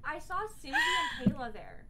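A woman's voice: very high-pitched, huge pitch swings, normal speed, very noisy. A woman chatting during an online game, dramatic and exasperated. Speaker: game player. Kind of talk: casual gaming chat.

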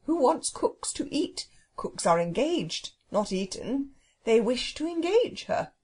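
A woman reading a children's audiobook, voicing a polite, know-it-all male phoenix who speaks slowly and formally. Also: fairly high pitch, very animated, darkish tone, husky, exaggerated voice. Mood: lofty. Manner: slow, stately, formal. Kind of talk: storybook reading.

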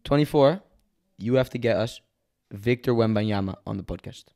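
A man's voice: lowish voice, normal speed, creaky, mellow. A man hosting a podcast in casual chat, playful and asking question after question. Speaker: podcast host.

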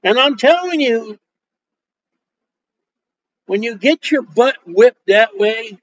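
A man preaching a sermon in a joking, animated way. He acts out quoted dialogue as he goes. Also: extremely high pitch, takes it slowly, no room sound. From Polish Roman Catholic upbringing. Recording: dull lo-fi sound.

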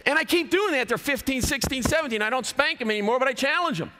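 A man in his fifties delivers a chapel sermon with a high, bright voice that swings widely from peak to hush. He speaks emphatically, rising hard on key phrases, and the long reverb of a large hall trails each line. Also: animated, quick pace, slight background noise. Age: 50s. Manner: emphatic, preacherly, rising and dropping for effect. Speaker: college athletic director and speaker.

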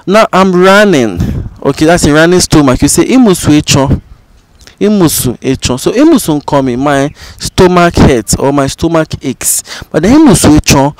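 Ghanaian man teaching phrases, repeating slowly. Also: a little high, no echo. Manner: repeats each phrase slowly several times. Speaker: language teacher. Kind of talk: spoken language lesson.

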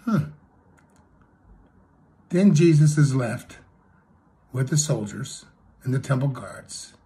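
A man preaching a sermon, retelling a story with acted quotes and swinging between loud and hushed delivery. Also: mid-range voice, animated, slow.

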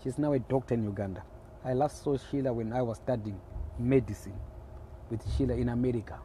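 A middle-aged Zimbabwean man with a Zimbabwean accent hosts a live stream into his phone, greeting viewers by name in teasing, rambling chat. His medium-pitched voice is brisk and warm, with slight background noise.

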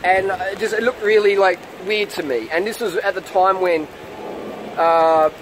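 A man's voice: sits high, fairly even intonation, moderate pace, background noise. A man, ranting defensively to camera in a vlog, swearing and repeating himself in a heated way. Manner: profane, heated, repeating questions. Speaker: vlogger.

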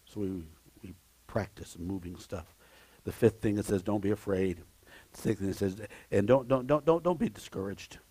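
A man preaching a sermon as pastor, emphatic and swinging between shouts and low asides, repeating key phrases and exclaiming praise. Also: moderate pace, breathy edge, dry recording. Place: church sanctuary.

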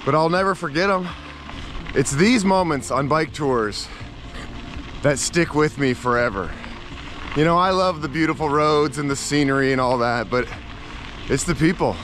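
A man's voice: a little high, normal speed, long pauses, a bit bright, slight background noise. A man chatting upbeat and casual to camera outdoors on a bike trip, laughing often. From United States. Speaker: bikepacking vlogger. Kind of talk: casual travel vlog to camera. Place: outdoors on country roads.

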